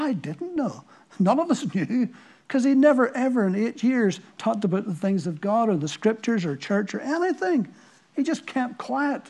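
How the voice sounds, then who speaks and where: High and a little mellow, the voice belongs to a man from Northern Ireland delivering a sermon. He tells stories and poses sincere rhetorical questions to those listening.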